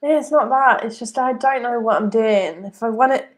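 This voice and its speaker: A woman's voice: on the high side, moderate pace. A woman co-hosting a casual podcast chat, telling candid stories and acting out her own reactions. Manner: candid, storytelling with quoted reactions. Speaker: podcast co-host.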